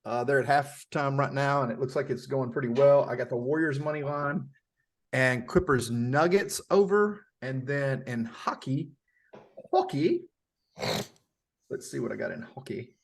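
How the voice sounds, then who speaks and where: A man's voice: medium pitch, moderate pace. A man co-hosting a podcast, casually going over his bets and teasing the others. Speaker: podcast co-host. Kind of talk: casual sports betting chat.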